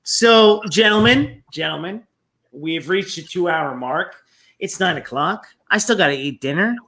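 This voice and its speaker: A man hosts a casual livestream and speaks bluntly, with plenty of cursing. His voice is bright and his pitch swings widely. He sounds relaxed and straight-talking. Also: a little slow. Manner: blunt, swears freely. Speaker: stream host.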